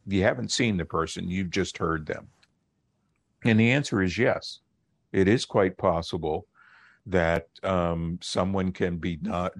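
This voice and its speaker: A middle-aged man, a linguist and professor, explaining his research as a guest on a radio interview in a measured way. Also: low-pitched, dry recording. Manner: measured, explanatory, with occasional fillers.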